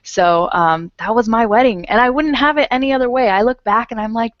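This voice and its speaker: A woman's voice: medium pitch, moderate pace, dry recording. Chatty woman teacher on a muffled call. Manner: chatty, rambling, laughs often. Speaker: English conversation teacher. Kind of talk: casual online class chat. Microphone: earphone headset on a video call.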